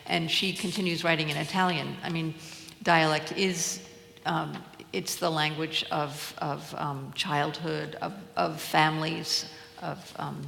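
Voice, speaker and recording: A woman's voice: low voice, level tone, a little slow, gravelly, few pauses, a bit bright. An older woman answering questions on stage as a translator guest, hesitant, with many fillers and restarts. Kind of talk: onstage Q&A conversation. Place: lecture hall at a public event. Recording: echoey hall with faint ambience.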